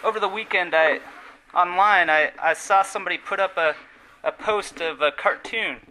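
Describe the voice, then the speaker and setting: Man, sermon, high voice, very bright and forceful, earnest, emphatic, soft trailing endings. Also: normal speed, a little hiss or hum, low-quality recording. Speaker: preacher.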